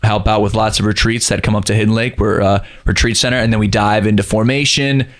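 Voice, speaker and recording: A young man in his twenties with a fairly low voice. He is a guest on the show and talks in an easygoing way. He explains at length with plenty of "uh"s. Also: level tone, fast talker, fairly bright tone. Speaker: guest, missionary. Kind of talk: casual chat.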